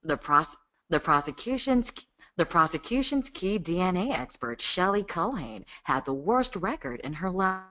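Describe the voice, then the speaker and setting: A lower, weightier American documentary voice, as a woman puts it on. The delivery is grave and measured, with an older-sounding maturity. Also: big pitch swings, pushed and bright.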